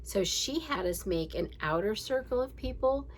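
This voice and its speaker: A woman's voice: on the high side, lively intonation, normal speed, a little hiss or hum, poor audio. A candid woman in her forties who hosts a daily reading podcast, talking in a casual, reflective, rambling way with laughs. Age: 40s.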